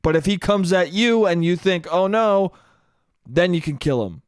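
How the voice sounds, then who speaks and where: A man's voice: sits high, animated, normal speed, dry recording, studio quality. A man hosting a solo podcast, telling comic stories and acting out quoted voices, swearing casually. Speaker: podcast host. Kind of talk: solo comedic monologue.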